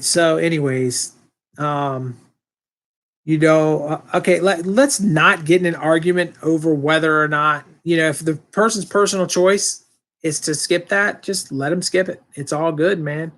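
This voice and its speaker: A man's voice: a little high, a little slow. Rambling man chatting on a live stream. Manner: rambling, relaxed, with many fillers and restarts. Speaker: channel host answering live chat. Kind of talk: casual live-stream chat.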